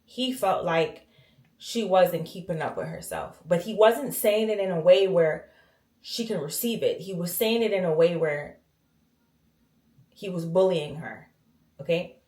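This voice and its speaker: A woman's voice: lowish voice, lively intonation, a little slow, pauses often, darkish tone. A woman telling a personal story casually to her viewers while cleaning her bathroom, emphatic and often checking in with "okay?". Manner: emphatic, talks straight to viewers with frequent "okay?". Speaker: vlogger. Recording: echoey bathroom.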